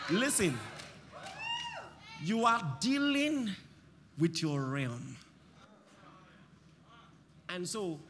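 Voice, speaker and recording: Impassioned high-voiced preacher man, shouting bursts. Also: long reverb tail, background noise. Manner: impassioned, shouting bursts, repeating lines for the congregation. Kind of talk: sermon.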